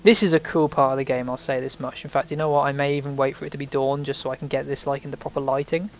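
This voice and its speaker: A man's voice: medium pitch, level tone, fast talker, slight background noise. A man giving rambling, casual commentary while playing a video game, sometimes swearing when startled. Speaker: let's play host.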